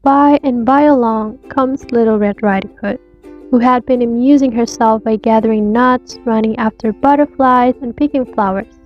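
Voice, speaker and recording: A woman from Indonesia narrating a fairy tale in a clear, measured storytelling voice. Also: fairly high pitch, faint music behind. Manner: clear and measured for English learners. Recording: dull lo-fi audio.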